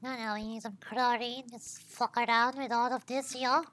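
A woman's voice: on the high side, flat delivery, moderate pace, fairly bright tone. A woman streamer giving casual game commentary, thinking aloud as she tries things, swearing freely and tacking "yo" onto her lines.

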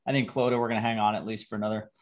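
A man's voice: fairly low pitch, level tone, racing. A man moderating a webinar, answering briefly with some hesitation.

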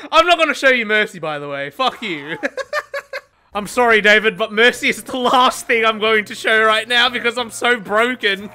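A woman giving excitable gameplay commentary, swearing, laughing often and mocking herself. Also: sits high. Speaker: gaming content creator.

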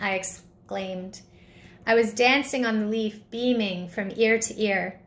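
A woman narrating a children's story in a gentle reading voice. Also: mid-range voice, moderate pace.

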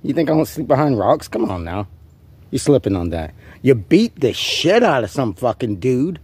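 Male vlogger, husky voice, profane taunting rant, rambling in-character delivery. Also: mid-range voice, very animated, normal speed, a little mellow, no room sound.

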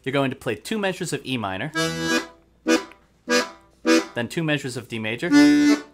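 A man gives a step-by-step accordion lesson in a lively, varied voice. He explains each idea methodically and counts beats aloud. Loud accordion music plays right alongside his talk. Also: medium pitch, moderate pace. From United States. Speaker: accordion teacher. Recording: accordion playing throughout.

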